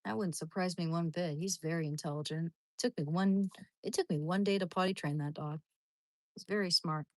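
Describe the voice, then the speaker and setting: A woman's voice: on the low side, steady tone, a little fast, no echo. A woman chatting casually to her live stream audience from home, rambling along with many restarts. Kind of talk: casual livestream chat.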